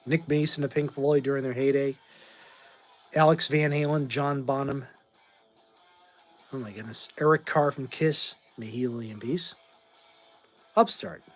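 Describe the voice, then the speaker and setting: A man's voice: medium pitch, fairly even intonation, a little slow, pauses often, soft background music. A tired man in his forties from Massachusetts, hosting a casual livestream and talking bluntly and in rambling fashion as he answers chat. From Massachusetts, USA. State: tired, short on sleep.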